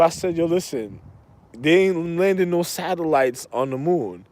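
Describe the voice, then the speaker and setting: Rambling man, erratic and repetitive, a touch higher voice than most. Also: lively intonation, normal speed, a little mellow, no room sound. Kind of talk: rambling monologue to camera.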